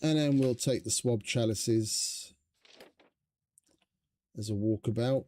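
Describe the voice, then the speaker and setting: A man's voice: medium pitch, slow pace, mellow. A man streaming a survival game, chatting casually in a rambling, profane, stop-start way. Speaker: gaming streamer. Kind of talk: casual gameplay commentary.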